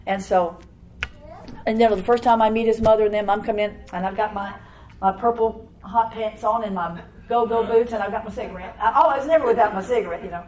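Older woman telling a lively church testimony. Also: fairly high pitch, fairly quick, a faint crowd, low-quality recording. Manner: rambling, animated storytelling with frequent laughs. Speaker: church speaker giving testimony. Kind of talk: personal testimony to a congregation.

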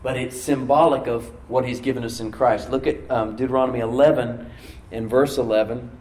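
A man's voice: mid-range voice, fairly even intonation, darkish tone, distant mic. Emphatic male pastor preaching in an echoey hall. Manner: emphatic preaching, slows down to stress key words. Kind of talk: sermon. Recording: echoey room, from off mic.

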